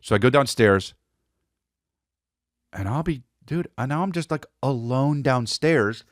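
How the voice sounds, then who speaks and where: Animated profane male podcast host. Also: mid-range voice, measured pace, dry recording, clean studio sound. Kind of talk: comedic storytelling.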